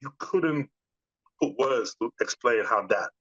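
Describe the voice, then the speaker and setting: A man's voice: medium pitch, slow pace, husky, no room sound, muffled recording. A man being interviewed as a guest, speaking casually and telling stories with many restarts. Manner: animated storytelling, many restarts. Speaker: bodybuilder guest.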